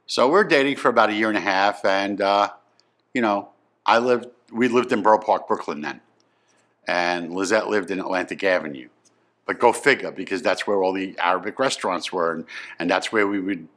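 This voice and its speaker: A man in his fifties telling a personal story from his youth, emphatic and swinging from subdued to excited. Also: on the low side. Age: 50s.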